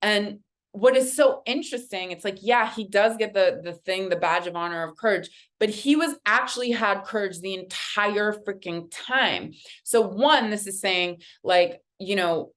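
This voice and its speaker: A woman, a guest artist, telling a lively story while reading oracle cards, with a casual, conversational manner and frequent fillers. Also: medium pitch, unhurried. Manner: animated, conversational, many fillers.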